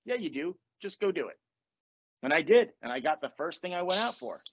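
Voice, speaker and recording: Fast-talking man, animated storyteller. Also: a little high, dull audio, slight background noise. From Virginia. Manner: animated, laughing, acts out quoted voices. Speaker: podcast host. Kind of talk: casual storytelling chat. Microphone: earphones on a call.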